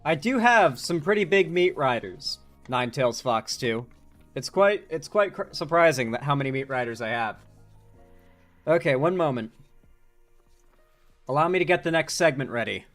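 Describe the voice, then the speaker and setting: A man hosting a live political commentary stream, reading chat aloud in an animated, joking way and swearing casually. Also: fairly high pitch, normal speed, pauses often, faint music behind.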